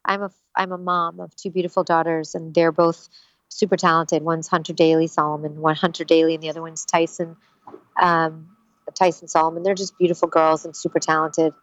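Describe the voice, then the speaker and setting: A lower-pitched woman talks earnestly and candidly as an interview guest, drifting through her thoughts. The sound is dry and a bit dull. She rambles warmly about her work. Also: flat delivery, brisk, no echo. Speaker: voice actor guest. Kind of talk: casual interview chat.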